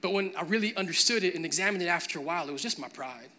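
A man's voice: sits high, lively intonation, rapid-fire, pushed and bright. A man preaching a sermon, moving from a conversational tone to emphatic, building preaching. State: briefly choked up with emotion.

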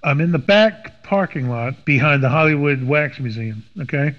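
A man's voice: a little high, moderate pace. A middle-aged man from Washington, D.C., telling a story in casual conversation and acting out the voices of the people in it. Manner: animated, acts out quoted voices. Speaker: podcast guest. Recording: dull lo-fi sound with long reverb.

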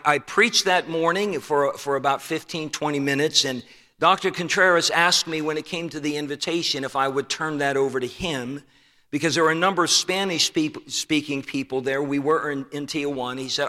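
An older man preaching a sermon and telling a personal story earnestly, growing soft and slow at tender moments. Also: mid-range voice. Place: church sanctuary. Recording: long hall reverb.

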